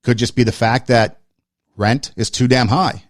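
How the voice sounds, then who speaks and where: Here the male podcast host keeps a steady tone at medium pitch and a measured pace as he recounts something personal in a relaxed way. He speaks earnestly in short, list-style phrases, repeating words to stress his points. The sound is clean studio audio with no echo.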